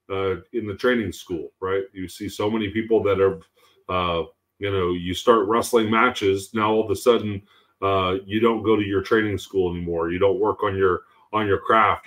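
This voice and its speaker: Low-voiced man musing in casual chat. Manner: rambling, many fillers and tag questions. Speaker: podcast co-host.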